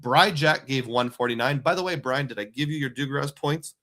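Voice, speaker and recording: A man's voice: mid-range voice, fairly quick, pushed and bright. A man hosting a casual livestream, chatting loosely and reading out supporter names. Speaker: livestream host.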